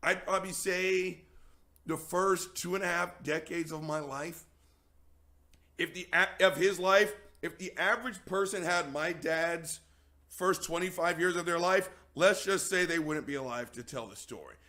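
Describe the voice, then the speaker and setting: A man's voice: high-pitched, measured pace, pushed and bright. A man telling an emphatic, profane story to an audience he calls "gang".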